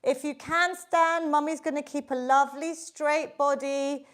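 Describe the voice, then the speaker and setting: A high-pitched woman instructor runs a live online workout class from home. She is upbeat and encouraging, calling out counts and cues as she exercises along with the group. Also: steady tone, unhurried, a bit bright. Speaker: fitness instructor.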